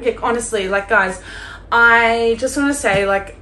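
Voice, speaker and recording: A woman's voice: fairly high pitch, unhurried, bright, forceful tone. Chatty young woman, gushing, roomy sound. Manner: gushing, chatty, heavy use of "like". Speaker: book vlogger. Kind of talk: casual vlog chat. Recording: roomy echo with faint room noise.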